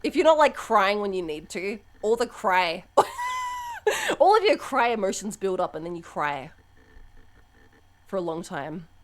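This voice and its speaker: A young adult woman streaming live, chatting openly and swearing freely. Her pitch swings widely, and she often breaks into loud, high laughter between thoughts. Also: huge pitch swings, a little slow, pauses often, a little hiss or hum. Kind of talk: casual live-stream chat.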